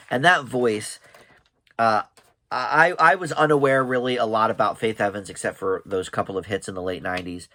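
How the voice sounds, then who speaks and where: A man's voice: lowish voice, fairly bright tone, no echo. A man hosting a reaction video, recapping a TV show in a casual, chatty way, full of ums and restarts.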